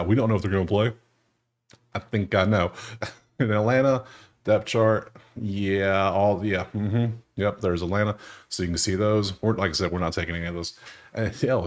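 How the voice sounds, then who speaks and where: Laid-back chuckling man, low voice. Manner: loose, joking, often chuckling. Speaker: sports betting channel host. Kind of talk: casual screen-share commentary.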